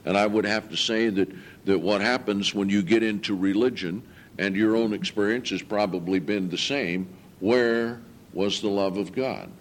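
A man preaching a sermon to his congregation, earnest and emphatic, reading scripture slowly and lifting his voice on key points. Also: fairly low pitch, fairly even intonation. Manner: slow, deliberate scripture reading.

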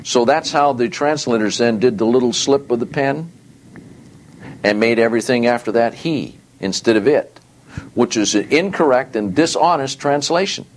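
A man teaching a Bible study, reading verses aloud and repeating key words with deliberate stress. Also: medium pitch, a little hiss or hum.

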